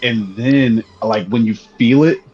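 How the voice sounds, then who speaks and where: A man's voice: medium pitch, takes it slowly, husky. A man joining a casual gaming podcast as a guest, bantering in a joking, laid-back way. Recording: dull lo-fi audio.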